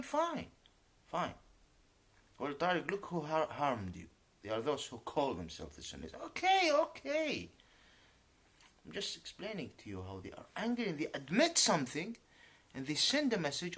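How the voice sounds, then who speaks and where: Man, native Arabic speaker, indignant vlog rant, swings widely in pitch, mixes English and Arabic. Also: fairly bright tone, husky. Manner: emphatic, indignant, swears to his honesty; switches between English and Arabic. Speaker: YouTuber.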